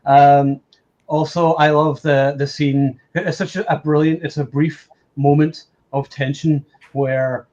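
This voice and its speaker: A man's voice: on the high side, little pitch movement, takes it slowly, darkish tone. A man hosting a casual movie chat, playful and fond of quoting lines. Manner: playful, quotes lines in put-on voices. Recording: slightly dull lo-fi call audio with faint noise.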